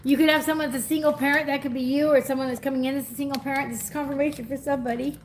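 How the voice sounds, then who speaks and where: A woman giving a live energy reading in a chatty, effusive way, laughing often and going soft and teary when moved. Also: sits high, little pitch movement, rapid-fire, slight background noise. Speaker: tarot reader.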